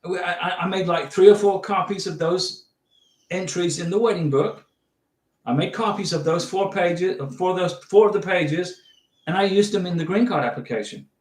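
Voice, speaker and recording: A man's voice: high voice, moderate pace. A middle-aged man hosting a livestream, casually giving visa advice and reading out viewer questions in a chatty, reassuring way. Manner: chatty, repeats and restarts, reassuring. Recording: echoey room.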